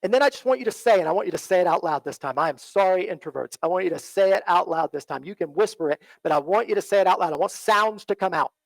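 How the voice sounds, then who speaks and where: A man with a high-pitched voice preaches a sermon in earnest, circling back to the same phrases. He often checks in with "right?" and goes quiet and low for quoted lines. The sound is dry and close. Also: lively intonation, fast talker, gravelly, hardly any pauses, no room sound, low-quality recording. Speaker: pastor. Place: church.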